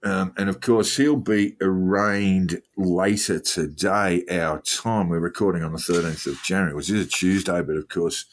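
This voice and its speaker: A man's voice: sits low, steady tone, moderate pace, few pauses. A man co-hosting a podcast, chatting about politics in a hesitant way full of fillers. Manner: hesitant, filler-heavy delivery. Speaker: podcast co-host. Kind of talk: casual political chat.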